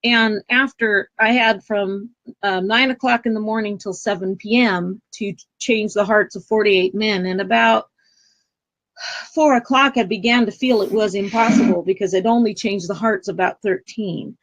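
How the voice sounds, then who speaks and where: A woman guest telling a personal spiritual story in an earnest, emotional, halting way. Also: mid-range voice, steady tone, muffled recording.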